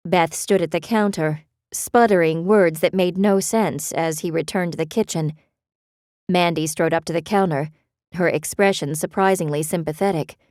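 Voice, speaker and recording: In a steady storytelling manner, a woman reads scripted narration for a romance audiobook. Her pitch is fairly low and her pace moderate, recorded as clean studio sound with no room noise.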